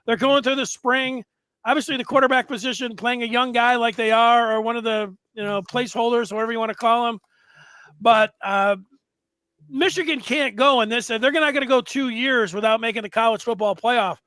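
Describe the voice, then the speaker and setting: A man's voice: very high voice, fairly quick, pushed and bright, clean tone, no echo. A man hosting a sports talk show, telling stories in a playful, joking way. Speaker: show host.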